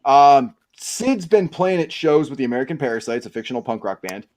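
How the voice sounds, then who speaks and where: A man hosting a casual podcast, talking about his book in a rambling, profane, excitable way. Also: medium pitch, a little fast. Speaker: podcast host and author. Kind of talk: casual chat.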